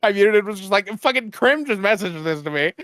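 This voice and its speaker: In a casual podcast chat, a male co-host with a high, bright-ish voice talks at a normal pace, very animated, laughing often and swearing a lot. The sound is clean studio audio with no room echo.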